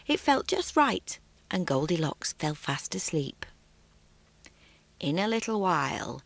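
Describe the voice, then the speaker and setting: A woman reading a fairy tale aloud for children in an expressive, sing-song way. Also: fairly low pitch, no room sound. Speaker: storyteller. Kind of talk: children's story narration.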